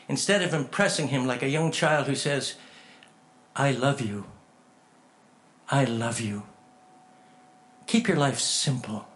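A man preaching a sermon in a folksy, animated storytelling way, acting out conversations as he tells them. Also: a little high. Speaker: pastor.

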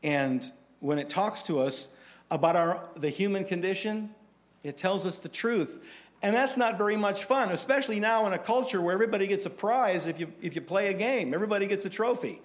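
A man with a fairly high voice delivers a sermon to his congregation. He speaks in a casual, storytelling way and keeps his delivery animated. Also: normal speed. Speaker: pastor.

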